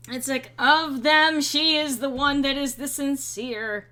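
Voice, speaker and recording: A young adult woman chatting casually while streaming a role-playing game, rambling and clearing her throat now and then. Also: sits high, steady tone, slow pace, sharp tone. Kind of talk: casual gameplay commentary.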